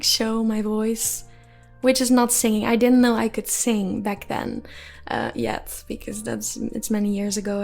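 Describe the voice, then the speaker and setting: A young woman in her twenties talks through a relaxed solo podcast, her soft, calm voice sitting a little high with a gravelly edge of fry. She rambles and laughs easily as she goes. Faint music plays quietly behind her. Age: 20s. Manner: rambling, giggly, many fillers. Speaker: podcast host. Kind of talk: casual solo podcast chat.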